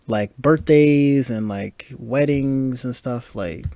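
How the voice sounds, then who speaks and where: A podcast host in his twenties offers casual movie commentary, chatty and full of laughs and filler words. His mid-range voice is warm and slow-paced, recorded at studio quality with no room sound.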